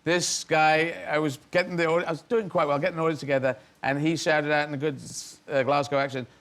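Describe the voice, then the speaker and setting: A man's voice: fairly high pitch, flat delivery, fast, a bit bright. A middle-aged man from England, a comedian as interview guest, telling rambling, self-mocking stories and laughing mid-sentence. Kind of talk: anecdotal storytelling.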